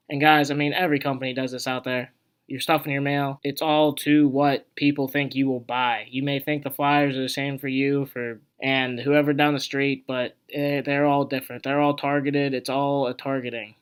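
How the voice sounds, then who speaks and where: Young guy explaining stocks off a chart, chatty and rambly, lots of fillers, mid-pitched voice. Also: smooth. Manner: rambling and conversational, with many asides and filler words. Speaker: investing video host. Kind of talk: casual explainer walking through a stock chart.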